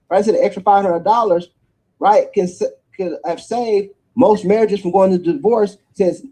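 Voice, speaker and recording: A man giving an energetic sales pitch for a network marketing business, checking in with his listeners after almost every point. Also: slightly rough, low-quality recording. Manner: energetic preacherly pitch, tag questions after each point.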